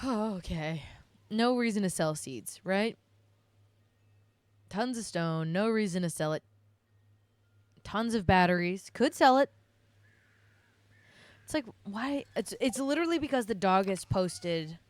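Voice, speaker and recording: A woman's voice: medium pitch, animated, takes it slowly, long pauses. A young adult woman streamer chatting casually to her viewers, telling a rambling, self-deprecating story with frequent laughs. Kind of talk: casual live-stream chat.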